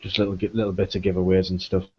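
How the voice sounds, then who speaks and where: A man in casual podcast chat, speaking in a low-key way. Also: level tone, rapid-fire. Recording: dull lo-fi audio with faint noise.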